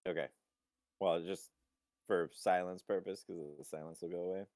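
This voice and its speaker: A man narrating as game master in a relaxed, halting way with many fillers. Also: low voice, dry recording, clean studio sound.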